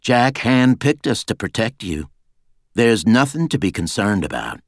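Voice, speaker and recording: Narrator doing a calm deep-voiced bodyguard, audiobook thriller, close dry sound. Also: male voice, unhurried, dry recording, heavily acted. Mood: reassuring. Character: male Secret Service agent, reassuring and even.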